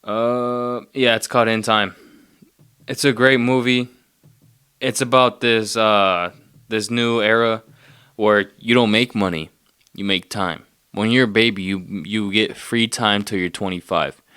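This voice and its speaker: Low-voiced male podcast host with a smooth tone, dry close sound, and casual profane rambling. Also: fairly even intonation, a little slow, bright, forceful tone, dry recording. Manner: loose, profane, loses his train of thought.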